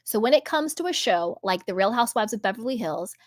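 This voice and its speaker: Emphatic woman host, higher voice. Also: expressive, fast, dry recording, studio quality. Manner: emphatic, repetitive, rambling asides. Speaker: commentary channel host. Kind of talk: casual opinion commentary.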